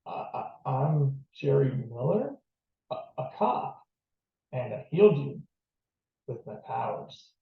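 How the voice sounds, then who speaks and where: A man's voice: sits high, quick pace, voice pushed up, lightly acted. Guy doing a jittery young cop, stammers, echoey lo-fi. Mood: nervous. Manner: nervous, stammering. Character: nervous young male cop with powers. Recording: distant, roomy, dull lo-fi.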